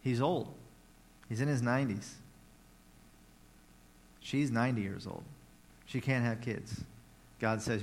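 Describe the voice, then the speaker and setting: A man's voice: mid-range voice, takes it slowly, long pauses, slight background noise. A man preaching a conversational sermon, retelling a Bible story with playful asides.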